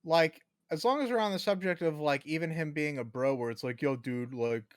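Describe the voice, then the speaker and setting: Lively casual-talking man, dry close mic. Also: a little high, a little fast, dry recording. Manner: animated, swears casually. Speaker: co-host. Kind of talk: casual podcast discussion.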